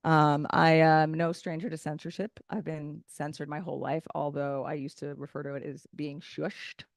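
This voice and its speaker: A woman in her thirties performing a stand-up comedy set, loud, brash and opinionated in her delivery. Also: low-pitched, flat delivery, moderate pace, gravelly, no echo, studio quality. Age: 30s. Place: event stage.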